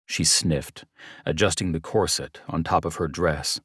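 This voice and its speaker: A man narrating a romance audiobook in the first person, his dialogue gruff and commanding. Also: extremely low pitch, measured pace, fairly bright tone, no echo, clean studio sound.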